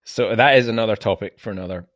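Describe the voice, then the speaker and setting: A man hosting a podcast, chatting casually and telling animated stories, sometimes dropping to a hushed near-whisper. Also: lowish voice, quick pace, no room sound, studio quality. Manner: animated storyteller, drops to a hushed near-whisper when savoring a memory. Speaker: podcast host. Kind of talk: casual chat.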